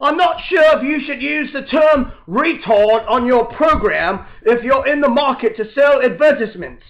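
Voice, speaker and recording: A man voicing a cautious, prim male panelist who speaks slowly and disapprovingly. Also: very high voice, lively intonation, voice pushed up. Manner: slow, measured, disapproving. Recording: dull lo-fi recording.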